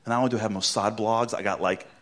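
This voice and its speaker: Animated Brooklyn man telling a story. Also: lowish voice, very fast. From Brooklyn, New York. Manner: theatrical, acts out dialogue, drops to a hush for punchlines. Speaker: motivational speaker.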